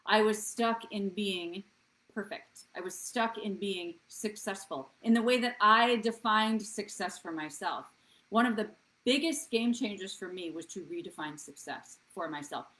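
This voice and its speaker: Her mid-range voice is a little slow and a bit bright, captured on a rough recording. She's in her thirties, hosting a live wellness stream and earnestly coaching her viewers, frequently asking "right?".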